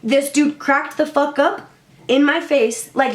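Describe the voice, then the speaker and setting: A young woman vlogger telling a casual storytime, animated and swearing, full of "like". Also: high voice, a little slow. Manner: animated, swearing, lots of filler "like". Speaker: beauty vlogger.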